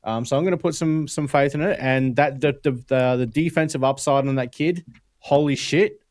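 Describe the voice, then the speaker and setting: A man's voice: medium pitch, normal speed, darkish tone, no room sound. Aussie guy on a sports podcast, blunt, swears casually, dry close sound. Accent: Australian. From Australia. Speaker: podcast co-host. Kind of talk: casual roundtable chat.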